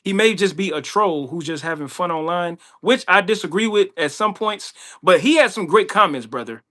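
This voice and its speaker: A man co-hosting a casual livestream, talking in a relaxed, conversational way and repeating words when he cuts in. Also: high voice, moderate pace.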